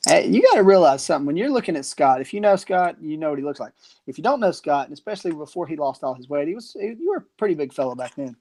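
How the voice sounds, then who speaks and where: A man, co-hosting a podcast, excitable and teasing as he jumps into the story. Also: fairly high pitch, racing. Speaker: podcast co-host. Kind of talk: casual storytelling chat.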